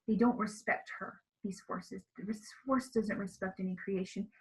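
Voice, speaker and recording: A woman's voice: medium pitch, fairly even intonation, normal speed, rough recording. A woman speaking as an interview guest, telling of spiritual experiences in an earnest, emotional way. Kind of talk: casual interview talk about spiritual experiences.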